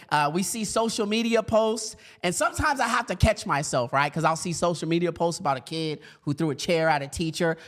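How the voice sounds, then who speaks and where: A man in his thirties giving a storytelling talk to educators, acting out his younger self with a raised, lively voice. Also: on the high side. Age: 30s. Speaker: speaker for educators.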